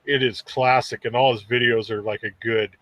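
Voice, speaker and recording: A man's voice: medium pitch, fairly even intonation, normal speed, fairly bright tone, dry recording. A man hosting a casual podcast chat, rambling easily through stories with stammers and restarts.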